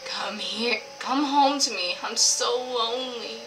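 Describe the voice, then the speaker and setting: Demônio de velha melosa , feita por uma mulher. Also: female voice, fairly high pitch, slow, a bit bright, echoey room, recorded from a distance, soft background music, rough recording. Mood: coaxing. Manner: sweet, coaxing and sinister. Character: creepy demon old woman luring children.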